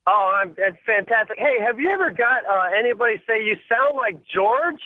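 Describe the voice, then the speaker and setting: A man's voice: high-pitched, lively intonation, normal speed, dry recording. A man in his forties calling in to a radio show, eager and friendly, stumbling over his words as he tells a story. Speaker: caller. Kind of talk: phone-in storytelling. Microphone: telephone. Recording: tinny telephone line.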